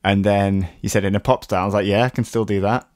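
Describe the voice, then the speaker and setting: A man's voice: on the low side, steady tone, fast talker, darkish tone, no echo, clean studio sound. A man co-hosting a podcast, talking enthusiastically about producing music, with lots of fillers. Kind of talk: casual chat.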